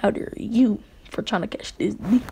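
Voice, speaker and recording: A woman voicing a smug, teasing teenage boy hero in a deadpan manner, close to her own voice. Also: medium pitch, a little slow, vocal fry, slight background noise.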